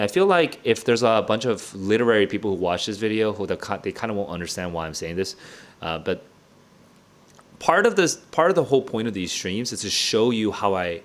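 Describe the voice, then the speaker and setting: A man hosting a book club livestream, reacting out loud as he reads. He talks casually, full of fillers, restarts and the odd swear word. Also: fairly low pitch. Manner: thinks aloud, casual and digressive, with frequent fillers and restarts.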